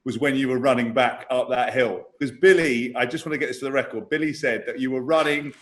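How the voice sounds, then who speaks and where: A man's voice: medium pitch, fairly quick, fairly bright tone. A man co-hosting a podcast in casual chat, asking teasing, playful questions. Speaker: podcast co-host.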